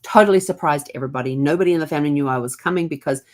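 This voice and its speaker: A woman's voice: sits low, very fast, darkish tone. A middle-aged woman, casually telling family stories and laughing now and then. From New Zealand. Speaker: genealogy vlogger. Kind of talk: casual storytelling.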